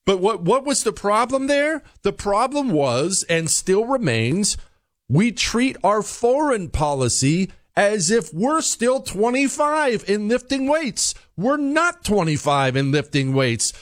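A man hosting a radio talk show, delivering an emphatic political commentary monologue and slowing down to stress his points. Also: sits high, no room sound, clean studio sound. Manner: animated, emphatic, slows down for emphasis.

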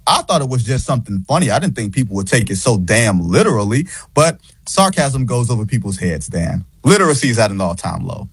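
A man talks basketball as a guest, husky and sarcastic. He pushes back with emphasis. The sound is dry and close. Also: medium pitch, very animated, brisk, few pauses, dry recording. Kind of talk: casual radio interview.

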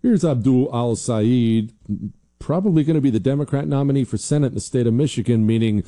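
Dark-voiced man hammering opinions home. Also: medium pitch, a little fast. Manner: emphatic, combative, repeats points for stress. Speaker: political commentary host. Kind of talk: opinionated commentary.

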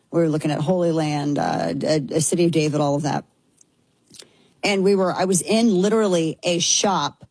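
A woman's voice: lowish voice, a little mellow, slightly rough, dry recording, poor audio. A woman giving opinionated commentary, emphatic and indignant, often restarting her sentences. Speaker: political commentator.

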